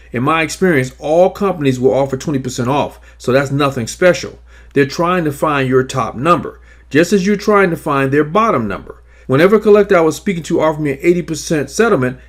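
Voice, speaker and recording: A man narrating scripted instructions on negotiating debts, in a measured, emphatic coaching manner. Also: on the high side. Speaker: credit repair advisor.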